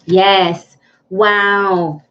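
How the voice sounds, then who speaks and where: A woman's voice: medium pitch, level tone, very slow. A woman hosting a live tarot reading, speaking earnestly to viewers and often repeating herself. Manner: earnest, repetitive, greets viewers by name. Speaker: tarot reader hosting a livestream. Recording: dull lo-fi livestream audio with faint noise.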